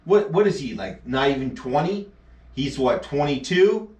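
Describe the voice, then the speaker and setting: A man's voice: medium pitch, lively intonation, a little slow, a little mellow. Guy swearing nonstop, sarcastic rant on a live stream, echoey and far off the mic. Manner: profane, sarcastic, scornful. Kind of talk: angry rant reacting to a news clip. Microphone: action camera mic.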